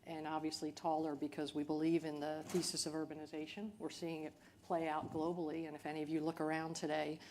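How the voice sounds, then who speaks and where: A woman speaking as a company chief executive on a panel, in a measured, earnest way. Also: low-pitched, a little mellow, a little hiss or hum. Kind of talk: panel discussion.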